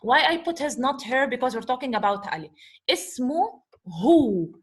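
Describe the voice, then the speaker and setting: Higher-voiced woman teaching Arabic words. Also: animated, fairly quick. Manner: asks and answers her own questions, repeats herself; talks to her class as guys. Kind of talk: explaining vocabulary from a lesson dialogue.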